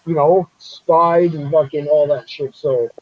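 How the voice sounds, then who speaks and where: A man's voice: fairly high pitch, fairly even intonation, a little slow, no echo, lo-fi sound. Blunt, swearing man on a call. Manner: blunt, swears, acts out quoted people. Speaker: show host. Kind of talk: casual live-stream chat.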